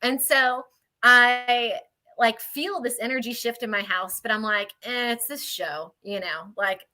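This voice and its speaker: A woman paranormal investigator telling a story in an animated, chatty way on a video call, laughing mid-sentence. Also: fairly high pitch, measured pace. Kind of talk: casual storytelling.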